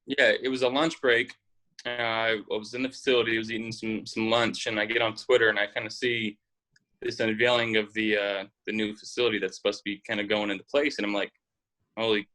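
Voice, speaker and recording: Bright-voiced young man. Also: on the low side, brisk, low-quality recording. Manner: relaxed, rambling with fillers. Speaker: football quarterback guest. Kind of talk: casual interview chat.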